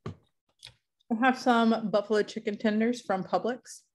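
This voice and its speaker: A woman's voice: on the high side, fairly even intonation, slow. A woman teacher chatting casually with her class over a video call, laughing easily. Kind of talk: casual online class chat.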